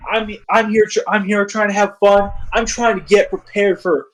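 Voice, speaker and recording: A man's voice: high voice, steady tone, normal speed, pitched above the performer's own voice, natural voice. A man voicing a smug male pro wrestler with mocking, whiny bickering.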